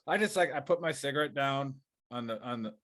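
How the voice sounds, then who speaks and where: A man's voice: mid-range voice, a little fast, a bit bright. Rambling man telling a story. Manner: rambling, swearing, many restarts, acts out quotes. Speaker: podcast co-host. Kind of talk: casual storytelling chat.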